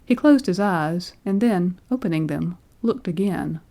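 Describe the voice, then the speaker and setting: In a lowish voice, a woman reads a classic story for an audiobook. The scripted literary narration is measured and expressive.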